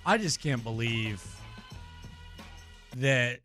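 A man co-hosting a sports talk radio show, ranting with animated exasperation. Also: medium pitch, drawn-out words, faint music behind.

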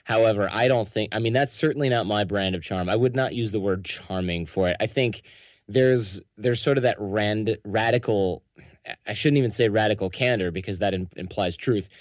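American guest, frank and opinionated, low tone, dead-dry room. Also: male voice, normal speed, dry recording. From United States. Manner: candid, opinionated, acts out quotes. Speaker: podcast founder, guest. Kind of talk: casual interview answers.

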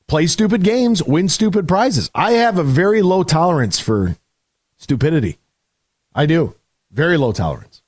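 A man's voice: lively intonation, normal speed, no room sound. Ranting man on a dry studio mic. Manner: emphatic, ranting, swings between shouted punchlines and low grumbles. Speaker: sports radio host. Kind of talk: opinionated radio monologue.

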